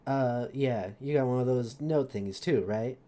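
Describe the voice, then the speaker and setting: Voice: medium pitch, unhurried, dark tone, voice pushed down, close to an everyday voice. A streamer voicing a hesitant street-urchin demon pickpocket in a tabletop story recap. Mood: sheepish. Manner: hesitant, ingratiating.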